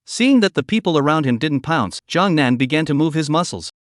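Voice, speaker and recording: A man narrating a comic story recap in an even, read-aloud delivery on a close mic. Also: fairly high pitch, a little fast, dry recording.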